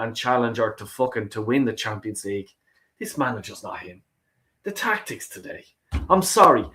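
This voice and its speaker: A man's voice: mid-range voice, fairly bright tone. A man hosting a football call-in stream, ranting heatedly and swearing heavily, often repeating himself. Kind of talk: heated fan rant.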